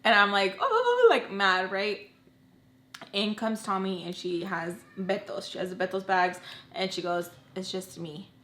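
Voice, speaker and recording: A young woman telling an emotional personal storytime in casual chat, swinging from quiet to loud, animated and cursing. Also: medium pitch, measured pace, echoey room, slight background noise. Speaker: storytime vlogger.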